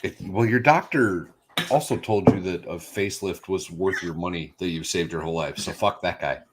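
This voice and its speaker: Blunt deep-voiced man. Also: moderate pace, noisy background. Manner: blunt, argumentative. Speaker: co-host. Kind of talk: casual livestream chat.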